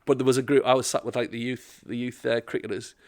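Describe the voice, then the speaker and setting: A man, a stand-up comedian telling animated, laughing anecdotes in casual chat. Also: mid-range voice, fast talker.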